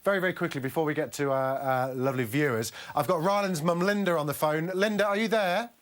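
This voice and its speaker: A man hosting a live phone-in show, joking and teasing his callers. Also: a little high. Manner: teasing, quick to joke with callers. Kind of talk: cheeky live studio chat.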